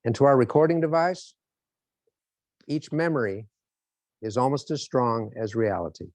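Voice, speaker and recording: A man's voice: medium pitch, moderate pace, no room sound. A man giving a motivational lecture, telling stories and acting out the scenes as he goes. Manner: animated storytelling, acts out scenes. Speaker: motivational speaker.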